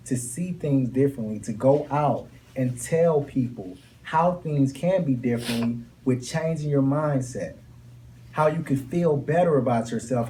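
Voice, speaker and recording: A man's voice: on the high side, dark tone, slight background noise. A young man giving a motivational speech to a class in a classroom, emphatic and repeating his key lines with rising intensity. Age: young adult. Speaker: motivational speaker.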